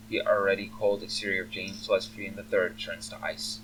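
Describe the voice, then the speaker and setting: A man reads a role-playing game's story text in plain narration, dropping chatty asides between passages. His low voice sits a little far from the mic, with a faint hum underneath. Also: steady tone, brisk, hardly any pauses, a bit bright. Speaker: game player reading aloud. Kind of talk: reading game text aloud with casual asides. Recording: faint humming, slightly distant mic.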